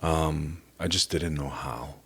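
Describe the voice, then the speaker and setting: A middle-aged man from Canada giving an earnest, halting personal testimony as a podcast guest. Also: a bass voice, slightly rough. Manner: earnest, halting, emotional at times.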